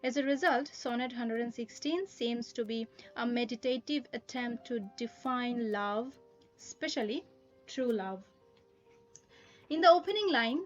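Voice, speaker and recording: A woman lecturing on a poem in a careful, explanatory way, often pausing with "uh" as she works through her points. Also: on the high side, dull audio. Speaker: literature teacher. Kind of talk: recorded poetry lesson.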